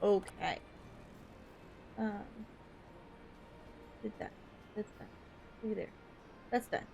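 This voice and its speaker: A woman's voice: medium pitch, wildly swooping pitch, slow, gravelly, long pauses, a little mellow, soft background music. A woman streaming a game, chatting playfully and giggling often. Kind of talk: casual chat while gaming.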